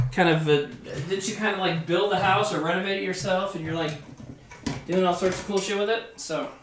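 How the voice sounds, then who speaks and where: A man's voice: high voice, a bit bright. A man streaming live while cooking in his home kitchen, rambling, swearing now and then, and chatting with his viewers. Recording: roomy kitchen with faint background noise.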